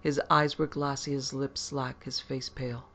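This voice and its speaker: A woman narrating a horror story in a steady, grave storytelling voice. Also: very deep voice, normal speed.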